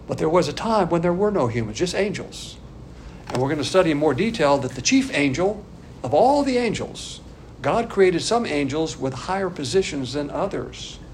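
A middle-aged man teaches the Bible from the pulpit in a conversational, emphatic way, slipping in dry asides. His voice sits a little high for a man. A faint low rumble runs under the recording. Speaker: pastor.

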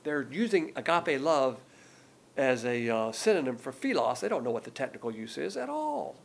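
An older man preaching a sermon, teaching in a folksy, emphatic way that jumps up in pitch on key words. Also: sing-song, moderate pace, gravelly. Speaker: pastor.

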